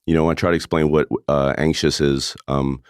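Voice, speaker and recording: Super deep voiced guy, chill earnest guest chat, dry close sound. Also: flat delivery, normal speed, smooth, dry recording. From American Midwest. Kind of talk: casual chat.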